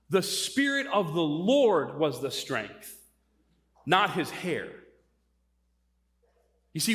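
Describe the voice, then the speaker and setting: A man's voice: high-pitched, fairly bright tone. A middle-aged man preaching a sermon, telling stories animatedly and asking rhetorical questions. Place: church. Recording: long church hall reverb.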